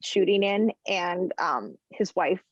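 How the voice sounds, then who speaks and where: A woman's voice: on the low side, takes it slowly, no echo. Woman, casual podcast chat, rambling anecdotes, lots of fillers, dead-dry room, muffled lo-fi sound. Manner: rambling storytelling with fillers and laughter. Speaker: podcast guest, chef and food journalist.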